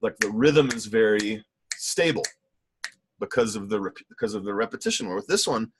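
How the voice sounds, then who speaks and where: Teaching painting online, this middle-aged man gives eager, meandering feedback on student pieces, full of fillers and corrections to himself. He speaks at normal speed in a lowish voice with lively intonation, and background noise can be heard.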